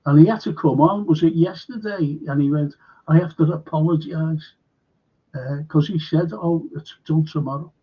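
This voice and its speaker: Older Liverpool man, husky and blunt. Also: a little high, normal speed. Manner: rambling, blunt, swears freely. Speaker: host. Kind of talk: casual live-stream chat. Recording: dull lo-fi stream audio.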